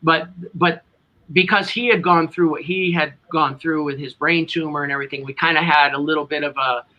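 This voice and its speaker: A man's voice: on the high side, fairly even intonation, fairly quick, dull audio. A middle-aged man with a New England accent, a tribute band singer telling a long, rambling story as an interview guest.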